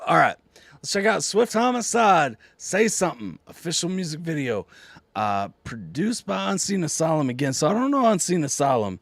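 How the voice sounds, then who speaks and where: A man hosting a live music reaction stream, hoarse and nearly voiceless, chatting casually with his viewers and reading out their messages. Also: fairly high pitch. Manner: chatty, talks straight to viewers, reading out chat.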